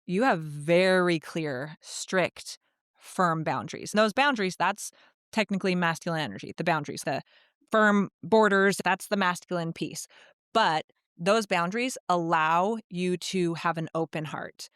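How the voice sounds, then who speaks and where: Woman explaining stuff on a podcast, earnest coach vibe, smooth clear voice, super dry mic. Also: on the low side, unhurried, a bit bright, dry recording. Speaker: podcast guest. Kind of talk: casual podcast conversation.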